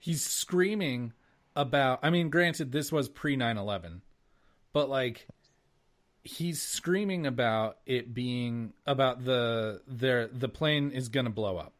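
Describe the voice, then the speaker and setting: A man co-hosting a podcast, chatting casually in an animated way, swearing and laughing often. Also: medium pitch, slow pace. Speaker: podcast co-host. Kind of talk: casual chat.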